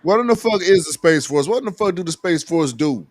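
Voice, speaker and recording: A man's voice: a little high, expressive, fairly quick. A man co-hosting a casual talk show, joking and cursing while asking guests questions. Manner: joking, profane, asks questions. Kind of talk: loose casual banter.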